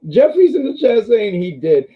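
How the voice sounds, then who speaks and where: Male stream host, casual review chat, fairly high voice, rambling, slightly muffled lo-fi sound. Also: moderate pace. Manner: animated, rambling with restarts, talks to the chat.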